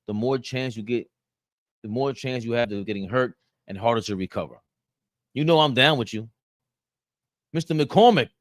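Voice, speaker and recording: In clean studio sound with no echo, a man with a medium-pitched voice hosts a casual sports talk live stream. He reads chat comments aloud, rants and banters with viewers, and laughs between points.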